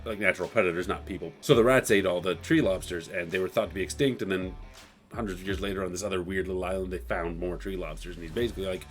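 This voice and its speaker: A man's voice: low-pitched, steady tone, fast talker, faint music behind. A man casually retelling a comic book issue, chatty and loose, often slipping into quoted lines. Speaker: comic book recap host.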